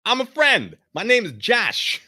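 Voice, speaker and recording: A man playing a young man from Brooklyn, Brooklyn accent, high, bright, loud and streetwise. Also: huge pitch swings, a little slow, exaggerated voice. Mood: brash reassuring. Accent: Brooklyn put-on.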